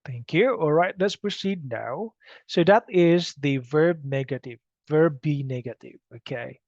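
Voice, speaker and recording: A man's voice: a little high, expressive, darkish tone, no room sound. A man teaching an English grammar lesson, speaking patiently and often checking in with "okay?" on a dull, dry recording. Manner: slow, patient, repeats "okay?" to check understanding.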